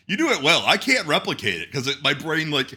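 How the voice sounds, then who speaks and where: A man co-hosting a podcast in loose, rambling conversation, quick to laugh. His voice is very bright and tense, and it jumps around with lively pitch swings. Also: breathy edge. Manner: animated, rambling, laughs often. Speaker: podcast co-host. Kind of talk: casual chat.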